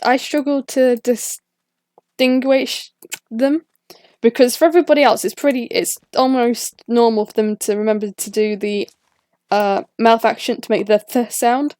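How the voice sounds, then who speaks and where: A young woman from the English Midlands with a Midlands accent, chatting casually while gaming, her th sounds softened. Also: on the high side, steady tone, normal speed, dry recording, studio quality. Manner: soft-edged th sounds, chatty and easygoing. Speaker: gaming channel host. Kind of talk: casual chat while playing.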